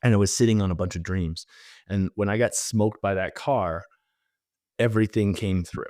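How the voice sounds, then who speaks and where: A man tells a personal story as a podcast guest. His voice sits fairly low and he talks animatedly, with lots of fillers. The sound is dry, with no room echo. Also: moderate pace, a little mellow. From Canada.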